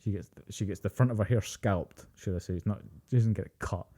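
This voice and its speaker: Young male podcast co-host, low dark voice, sweary animated storyteller. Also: fast. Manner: animated storytelling, heavy swearing, acts out quotes. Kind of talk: casual chat.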